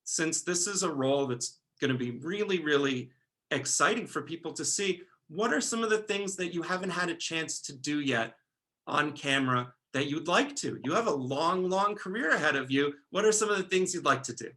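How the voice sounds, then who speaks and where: A man's voice: on the high side, normal speed, pushed and bright. A man interviewing an actress, asking long, chatty, winding questions.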